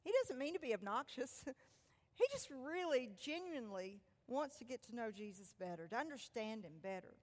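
A woman preaching a sermon, retelling a scripture story in an animated way that moves from loud passages to hushed ones. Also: a little high, moderate pace, long reverb tail.

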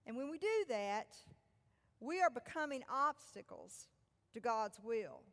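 Woman preacher, sermon storytelling, lively swooping pitch, long reverb. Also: measured pace. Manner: animated storytelling, swinging between loud and hushed. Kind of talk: sermon retelling a scripture story.

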